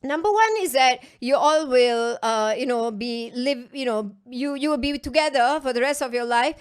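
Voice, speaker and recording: High-voiced Singaporean woman coaching. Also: moderate pace, clean tone. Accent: Singaporean English. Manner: emphatic, chatty, repeats phrases for stress. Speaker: online business coach. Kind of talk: casual coaching talk to an online class.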